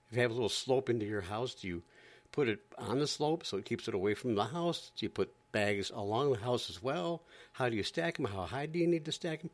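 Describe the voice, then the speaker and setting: Man, sarcastic stand-up rant, exasperated, lively swooping pitch. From Florida. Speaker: comedian.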